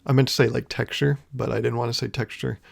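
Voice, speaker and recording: A man's voice: medium pitch, fairly even intonation, quick pace, gravelly. A man hosting his own podcast, musing in a wry, rambling way, swearing casually and chuckling often. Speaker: podcast host. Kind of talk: casual solo podcast monologue.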